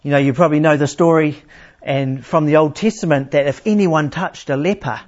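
A man preaching a sermon in a plain, unhurried teaching manner, asking his listeners questions. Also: on the high side, darkish tone. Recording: slightly dull, lo-fi sound.

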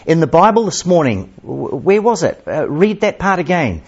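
An eager, devout young woman who speaks excitedly and faithfully, as a male preacher puts her on. The voice is lifted and bright with energy over a husky tone. The recording is dull and lo-fi. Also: a little high, normal speed, pitched above the performer's own voice, full character voice. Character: hopeful, devout young woman, a prisoner's sister.

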